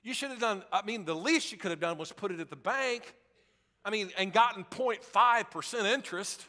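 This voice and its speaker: Guy doing a mad rich master chewing out a lazy servant, high bright voice, echoey hall. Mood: scolding. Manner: scolding, exasperated, rapid-fire insults. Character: angry wealthy master scolding a lazy servant.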